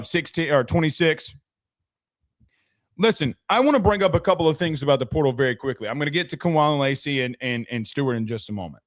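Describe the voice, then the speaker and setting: In clean studio sound with no echo, a young man with a fairly high-pitched voice hosts a laid-back sports talk stream. He's chatty, regularly thanks his viewers, and keeps restarting sentences as a sports podcast host.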